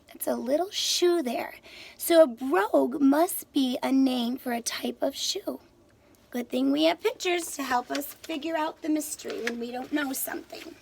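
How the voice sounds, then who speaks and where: A woman's voice: high-pitched, normal speed, creaky, darkish tone. A woman teacher reading a picture book aloud to children, stopping to explain words and ask questions.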